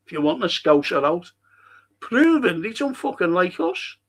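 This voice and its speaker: A man's voice: high-pitched, sing-song, normal speed. A man with a Liverpool accent hosting a fan stream, rambling through viewer comments, swearing freely and laughing at his own stories. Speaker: host of a fan live stream. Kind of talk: casual chat reading viewer comments.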